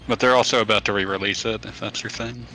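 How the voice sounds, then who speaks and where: A man's voice: on the low side, steady tone, fast talker, sharp tone, rough recording. A man playing and commenting in a casual game chat, making dry jokey remarks.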